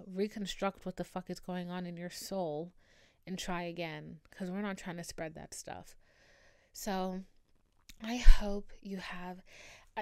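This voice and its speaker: A woman's voice: on the low side, vocal fry, dry recording. A woman hosting her own podcast, talking casually and emphatically and swearing freely, recorded in a room at home. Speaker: podcast host. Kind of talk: casual solo podcast monologue.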